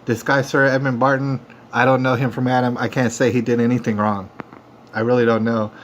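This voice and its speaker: A man's voice: mid-range voice, flat delivery, brisk. A man hosting a livestream, talking straight to viewers in a defiant, repetitive rant that keeps working itself up. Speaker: livestream host. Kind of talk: ranting monologue to viewers. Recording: dull lo-fi phone stream audio with faint noise.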